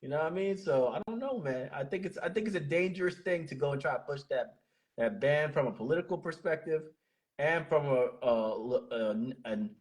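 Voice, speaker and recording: A man's voice: on the high side, lively intonation, brisk. A man speaking as an interview guest, opinionated and emphatic, often repeating words as he makes his point. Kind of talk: casual interview chat.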